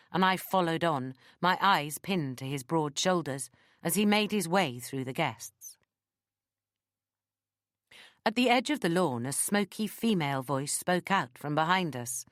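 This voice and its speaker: A woman narrating a novel in the first person, in a lively storytelling manner. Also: low-pitched, no echo, clean studio sound. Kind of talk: audiobook narration.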